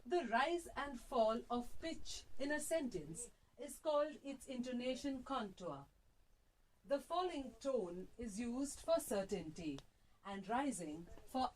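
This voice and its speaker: A woman reading a language lesson aloud in a deliberate, sing-song way, recorded in a small radio prerecording room. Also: fairly high pitch, animated, a little mellow. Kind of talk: slow, carefully read-aloud lesson on punctuation and intonation. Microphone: phone test broadcast.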